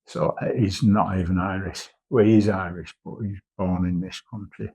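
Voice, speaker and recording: A man's voice: sits low, fairly even intonation, normal speed, a little mellow, slightly rough. A man in his fifties, a commercial artist, chatting casually and rambling through a vlog, swearing now and then. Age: 50s.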